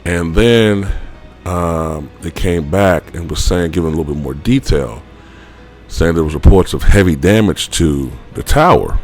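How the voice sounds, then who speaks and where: A man's voice: low voice, expressive, measured pace, darkish tone, soft background music. A man vlogger telling a personal story in a rambling, casual way, full of fillers and offhand swearing.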